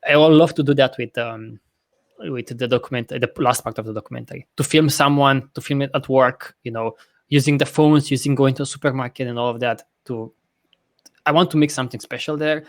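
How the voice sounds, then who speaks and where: Rambling, profane podcast host. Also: male voice, mid-range voice, steady tone, a little fast, dry recording. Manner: rambling, profane, self-correcting; laughs often. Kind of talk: casual podcast chat.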